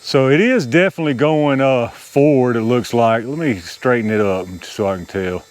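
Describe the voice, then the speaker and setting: A man with a drawl chats through a flight out in the open air. He sounds loose and excitable, calls out to his viewers, and laughs off his own nervous slips. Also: medium pitch, moderate pace. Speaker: RC hobby video host. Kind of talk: casual running commentary while flying. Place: outdoors, small open area.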